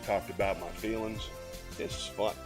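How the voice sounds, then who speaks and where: A man hosting a live stream, reading a poem aloud in a solemn, measured way with dramatic pauses. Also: lowish voice, steady tone, over music. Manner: rambling self-deprecating chatter to viewers. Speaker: host of a live-stream variety show. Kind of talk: poetry reading and casual chat on a livestream.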